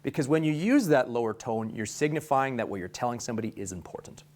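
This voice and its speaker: A young adult man giving an energetic sales training talk, jumping between bright high delivery and low hushed tones. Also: fast. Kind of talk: instructional talk to a sales team.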